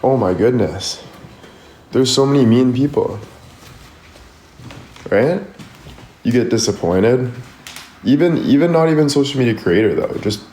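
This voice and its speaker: Warm and mid-range, this man's voice carries slight background noise as he livestreams as a social media creator. He delivers casual motivational talk in a rambling style, full of "like" and "you know," from an echoey room with faint music playing.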